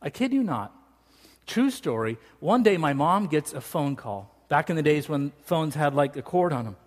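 A man's voice: fairly high pitch, big pitch swings, moderate pace. A man preaching a sermon as a pastor, in a joking, conversational storytelling way, in a church sanctuary. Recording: reverberant church hall.

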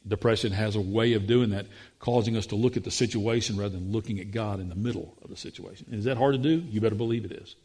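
A man preaching a sermon, acting out voices in the quotes, his pitch rising when he gets excited. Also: fast talker, husky.

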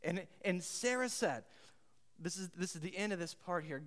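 High-voiced preacher in an echoing hall. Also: male voice, expressive, normal speed. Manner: emphatic, repeats key phrases, swings between loud and hushed; asks the congregation questions. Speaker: pastor. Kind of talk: sermon.

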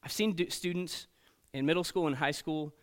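A man preaching to teenagers as a youth pastor, telling stories in an animated way and checking in often with "okay?" and "right?". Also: on the high side, moderate pace. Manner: storytelling, animated, frequent "okay?" and "right?" asides. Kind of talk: sermon to teenagers.

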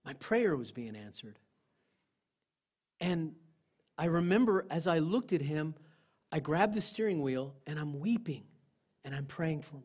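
A male pastor preaching a sermon, telling personal stories in an earnest way, dropping to a hush and then rising again. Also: fairly high pitch, animated, measured pace, long pauses, husky. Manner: earnest storytelling, swinging from loud to hushed.

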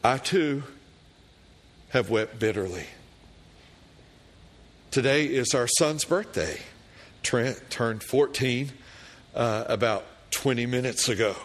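A middle-aged man preaching a sermon as a pastor, reading scripture prayers with rising fervor and telling a personal story. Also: mid-range voice. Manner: slow, deliberate preaching that rises to fervent loud prayer readings.

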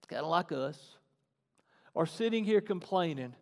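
A male pastor delivers a sermon with a notably high voice. He shifts from forceful, emphatic passages to softer, conversational stretches. A long hall reverb trails his words. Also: animated, measured pace, creaky. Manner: swings between loud preaching and soft asides.

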